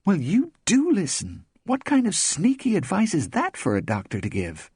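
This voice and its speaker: A man voicing Tiger, a blunt, teasing woman friend, in a high, pushed voice. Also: huge pitch swings, normal speed, darkish tone, slightly rough, no echo, clean studio sound, exaggerated voice. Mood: brassy.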